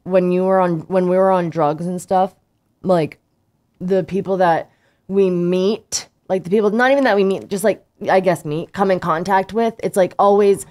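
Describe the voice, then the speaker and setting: Woman co-host, casual chat, somewhat low pitch, rambles with constant "like". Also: steady tone, moderate pace, a little mellow. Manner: rambling, fills speech with "like".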